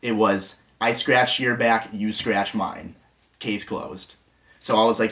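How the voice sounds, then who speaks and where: A man's voice: fairly low pitch, measured pace, fairly bright tone, distant mic. A young man telling an agitated story to the camera, rambling and restarting, quoting what others said. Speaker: vlogger.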